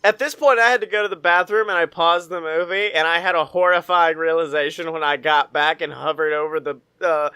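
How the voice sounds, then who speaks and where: A man's voice: on the high side, a little fast, hardly any pauses, clear, resonant tone, no echo. A man co-hosting a podcast, recapping a movie with lots of laughter and casual swearing. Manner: laughing, animated, swears freely. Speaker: podcast co-host. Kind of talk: casual movie review chat.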